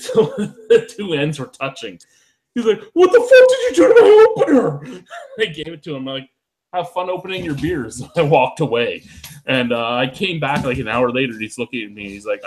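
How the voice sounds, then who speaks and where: A man's voice: fairly low pitch, rough recording. A man hosting a beer review show, telling rambling, profane stories in casual chat while a little tipsy.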